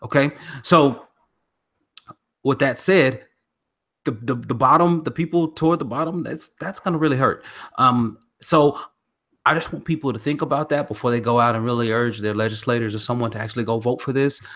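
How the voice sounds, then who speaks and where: A man's voice: mid-range voice, moderate pace, fairly bright tone. A man from the American South hosting a podcast, talking earnestly with many restarts over a remote call. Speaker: podcast host. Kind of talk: casual podcast chat.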